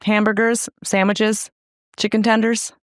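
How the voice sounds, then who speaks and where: A woman's voice: medium pitch, little pitch movement, a little slow, no echo, clean studio sound. A young woman co-hosting a podcast, chatting casually with playful, teasing banter. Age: young adult. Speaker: podcast co-host. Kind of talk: casual chat.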